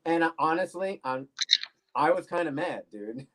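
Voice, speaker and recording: A man in his forties, a bass player guest on a podcast, telling laid-back stories full of swearing. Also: moderate pace, background noise. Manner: laid-back, swears freely, animated anecdotes. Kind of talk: casual storytelling interview. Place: podcast studio.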